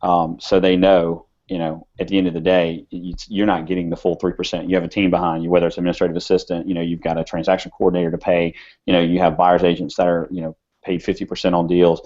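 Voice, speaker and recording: Man, real estate agent guest, very deep voice, easygoing steady answers, dull lo-fi sound. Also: fast. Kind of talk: interview answers.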